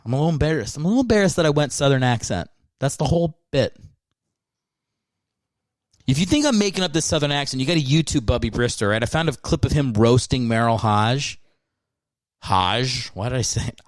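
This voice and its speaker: A man's voice: mid-range voice, no echo. A man hosting a podcast, rambling through a casual monologue and poking fun at himself. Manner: rambling, self-mocking. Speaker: podcast host.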